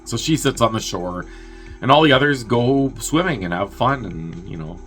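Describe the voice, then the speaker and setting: A man hosting a movie review show, casually recapping a film's plot in a loose, sweary way, with quick asides where he acts out the characters' lines. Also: medium pitch, animated, fairly bright tone, faint music behind. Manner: loose and chatty, full of "like" and swearing.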